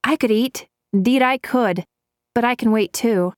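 An earnest young heroine with a gentle, kind way of speaking, read by a woman narrator. The voice sits a little higher than the narration, close and dry. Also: measured pace, no room sound, lightly acted.

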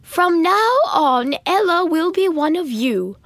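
A woman's voice: high voice, animated, moderate pace, fairly bright tone, dry recording. A woman voicing a pompous, greedy stepmother who gives haughty commands in a storybook reading.

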